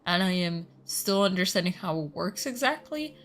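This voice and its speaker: A woman's voice: on the low side, animated, normal speed, slight background noise. Chatty, swearing female streamer. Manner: chatty, swears freely, reacts loudly. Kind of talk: casual live-stream chat.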